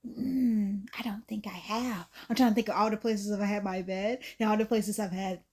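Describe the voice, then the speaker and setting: A woman hosting a reaction video from her bedroom at night, chatty and animated, laughing and calling her viewers girl. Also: mid-range voice, moderate pace. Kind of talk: casual reaction commentary.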